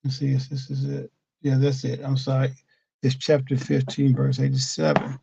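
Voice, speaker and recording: A man leading a weekly scripture study lesson as a religious teacher, explaining patiently and pausing often with fillers, recorded on a computer mic at his desk. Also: medium pitch, completely flat delivery, gravelly, muffled recording, noisy background.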